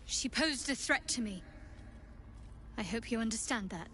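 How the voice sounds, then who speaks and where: A guarded, defensive young cleric with a British accent speaks in cool, clipped lines. Her voice is bright and sits a little high. It is game dialogue. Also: animated, a little slow, a little hiss or hum.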